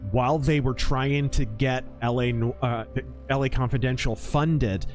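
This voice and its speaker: A man streaming a mech game and chatting casually, an animated storyteller who acts out quotes. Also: mid-range voice, unhurried, faint music behind. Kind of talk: casual live-stream chat.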